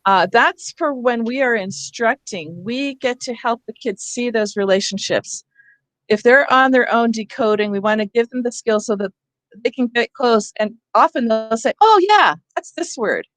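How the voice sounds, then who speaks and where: A woman's voice: a little high, moderate pace, a bit bright, dry recording. Woman workshop leader, explanatory, spells out sounds, dry close sound. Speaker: reading workshop presenter. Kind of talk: teacher workshop instruction.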